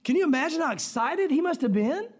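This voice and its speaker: A man preaching a conversational sermon, acting out prayers and voices with sudden shouts. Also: very high voice, animated, fast talker. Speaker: pastor.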